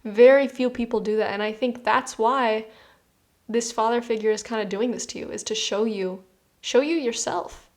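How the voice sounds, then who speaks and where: A woman's voice: fairly high pitch, normal speed, darkish tone. A woman giving a tarot reading. She speaks directly to the listener in an earnest, reassuring, conversational way and often says "you know.". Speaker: tarot reader. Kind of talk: spoken tarot reading to the viewer.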